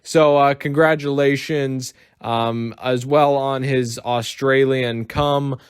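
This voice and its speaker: A man's voice: mid-range voice, steady tone, slow, clean tone, no echo, studio quality. A man from the United States giving casual, rambling reaction commentary and swearing freely. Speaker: commentary YouTuber.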